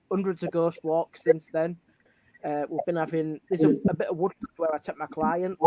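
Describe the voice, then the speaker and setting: A man's voice: fairly high pitch, warm tone. A man who is a paranormal investigator and ghost walk guide, chatting casually and hesitantly, with many ums. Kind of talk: casual chat. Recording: dry, dull lo-fi sound.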